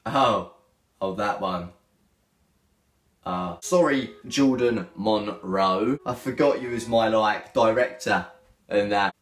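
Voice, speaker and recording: A man's voice: fairly low pitch, slow. Cheeky young man vlogging. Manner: cheeky, joking, slangy banter. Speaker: YouTuber reacting to hate comments. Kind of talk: casual comedic vlog. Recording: echoey room with faint music.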